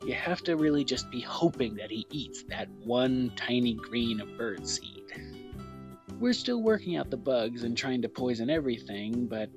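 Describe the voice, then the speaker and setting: A man's voice: lively intonation, normal speed, music in the background, lightly acted. A man doing a shady, hammy infomercial salesman. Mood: salesy. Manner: hammy sales pitch with swooping pitch and gleeful menace. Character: shady male infomercial salesman pitching a deadly product. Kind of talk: comedic mock advertisement.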